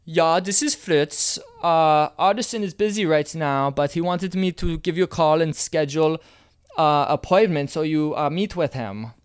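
A man voicing a campy male German personal assistant in a put-on German accent, loud and drawn out. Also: fairly high pitch, normal speed, smooth, voice pushed up, lightly acted. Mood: chirpy.

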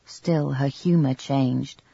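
A man reading a novel aloud in measured, even scripted narration. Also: mid-range voice, creaky, husky, no room sound. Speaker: audiobook narrator. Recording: dull lo-fi recording.

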